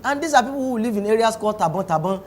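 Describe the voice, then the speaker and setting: A man's voice: high-pitched, lively intonation, racing, slight background noise. A Nigerian man with a Nigerian accent, hosting a talk show and eagerly asking questions. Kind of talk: interview conversation.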